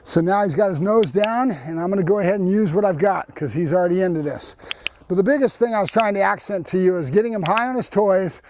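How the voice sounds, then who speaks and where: High-voiced man coaching dog training. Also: fast, a little mellow, a little hiss or hum. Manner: plain-spoken, instructional, repeats "okay?". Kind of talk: hands-on training demonstration. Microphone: lapel.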